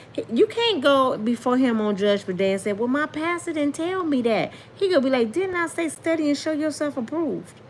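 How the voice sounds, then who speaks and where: A woman's voice: fairly high pitch, slight background noise. A woman giving a casual, indignant commentary monologue, full of rhetorical questions and plain colloquial talk. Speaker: commentary vlogger.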